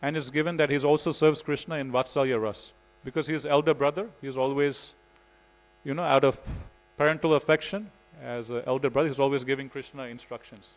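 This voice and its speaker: A man's voice: mid-range voice, steady tone, brisk, poor audio. A man giving a devotional scripture class in a temple, telling stories in a casual way with frequent "you know". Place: temple hall.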